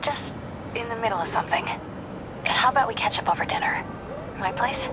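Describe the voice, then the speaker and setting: An actress playing a busy young woman who speaks in a hushed, brisk way. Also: a little high, noisy background, natural voice.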